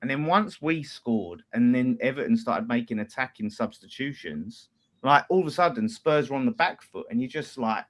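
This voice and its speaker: Bloke hosting a fan chat, reading out messages, laughs a lot, normal mid voice. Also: male voice, mid-range voice, expressive, moderate pace, a bit bright. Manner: chatty, laughs often, reads messages aloud. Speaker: fan channel host reading super chats. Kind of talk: casual post-match chat.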